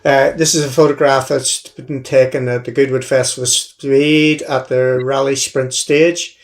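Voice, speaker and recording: A man's voice: mid-range voice, level tone, measured pace. A man hosting an interview, prompting his guest with short questions and backchannels. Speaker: host. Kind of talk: casual interview chat.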